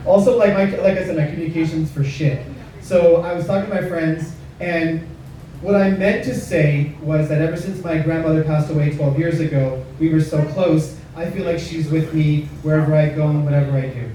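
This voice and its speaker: A man's voice: on the high side, fairly even intonation, normal speed, dark tone, a little hiss or hum. A man performing a stand-up comedy set, self-deprecating and chatty, with frequent asides to the crowd. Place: comedy club stage. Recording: echoey club room, mic at a distance.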